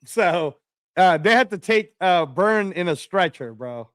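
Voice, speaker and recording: Male co-host, pushy and casual, strikingly high voice, close and dry. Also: expressive, measured pace, fairly bright tone, no room sound. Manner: pushy, keeps insisting and egging on. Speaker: boxing show co-host. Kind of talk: casual chat.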